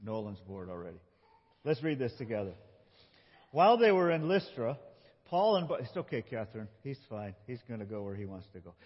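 A man's voice: medium pitch, a little fast, husky. A male pastor giving a playful children's sermon, guiding kids as they act out a scripture story. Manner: playful, animated, talks with children. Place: church sanctuary. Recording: dull recording in a big reverberant church.

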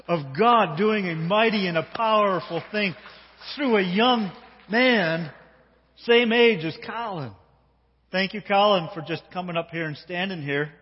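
A man preaching as pastor, telling a story and talking directly to a child and the congregation with animated delivery. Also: a little high. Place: church sanctuary. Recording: dull sound with long hall reverb.

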